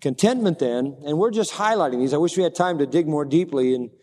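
A man's voice: fairly high pitch, animated, brisk, dark tone. A man preaching a sermon, emphatic, repeating key phrases for stress. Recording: long reverb of a large hall.

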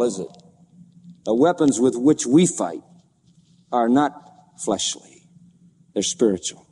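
A man's voice: on the high side, warm tone, big-room sound. A man preaching a sermon, explaining scripture verse by verse and reading passages with rising passion.

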